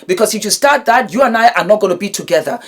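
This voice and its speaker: A woman's voice: medium pitch, animated, fast talker, background noise. A middle-aged woman vlogging straight to camera, giving emphatic, affectionate advice and calling her viewers darlings. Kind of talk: direct-to-camera advice vlog.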